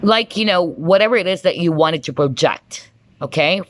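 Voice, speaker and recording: A woman's voice: on the low side, moderate pace, no echo. A woman giving a pick-a-card tarot reading to camera, enthusiastic and chatty, often breaking into exclamations and checking in with the viewer. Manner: enthusiastic, excitable, frequent exclamations.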